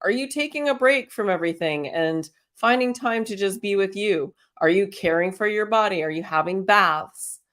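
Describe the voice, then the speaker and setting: A woman's voice: mid-range voice, moderate pace, few pauses, fairly bright tone. A woman hosting a casual spiritual self-help talk, chatty and encouraging, firing off strings of rhetorical questions and laughing often. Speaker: host.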